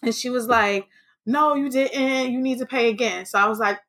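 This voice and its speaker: Podcast host, woman, bright tone, animated storyteller, salty language. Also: on the high side, normal speed. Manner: animated, swearing, acts out quotes. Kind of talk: casual storytelling chat.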